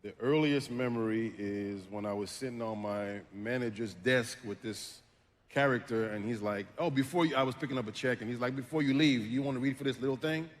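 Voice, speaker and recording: A man's voice: medium pitch, brisk. French-native man telling stories. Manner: storytelling, laughs often. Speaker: voice actor. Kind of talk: panel conversation. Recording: echoey hall.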